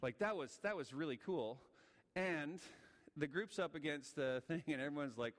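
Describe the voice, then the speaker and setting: A man preaching a sermon, telling a story with lively acted-out quotes. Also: a little high, normal speed. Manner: animated, acts out the voices in his story. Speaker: guest speaker. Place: church sanctuary. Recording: church hall reverb.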